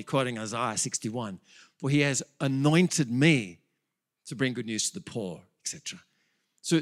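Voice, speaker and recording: A man preaching a sermon as pastor, animated and building to excited peaks, with quick self-corrections. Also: on the high side.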